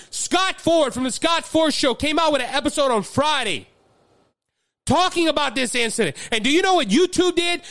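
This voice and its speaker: A man's voice: very high-pitched, pushed and bright, no echo. A man with a Louisiana accent hosting a political commentary show, impassioned and fiery, often repeating words as he builds steam. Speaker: podcast host.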